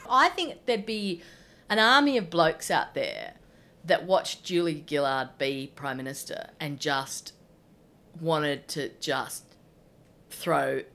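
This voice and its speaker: A woman's voice: deep voice, animated, takes it slowly, fairly bright tone. A woman with an Australian accent giving opinionated political commentary in casual chat, full of asides. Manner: chatty, opinionated, many asides.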